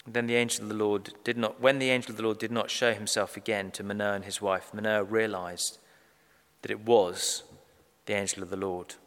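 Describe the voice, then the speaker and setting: A man preaching a sermon, measured and emphatic, slowing down to stress key phrases. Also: fairly low pitch, little pitch movement, a bit bright. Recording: long reverb of a large hall.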